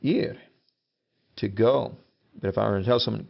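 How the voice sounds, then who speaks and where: A man's voice: lowish voice, normal speed, creaky, dull audio. A male teacher giving a casual, joking lesson, acting out example commands as he goes.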